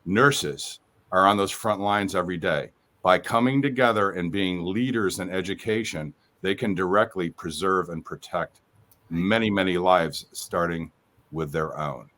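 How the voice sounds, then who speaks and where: Man, very low voice, podcast guest, earnest, candid, halting restarts. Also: fairly bright tone. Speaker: podcast guest, company CEO. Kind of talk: casual interview chat.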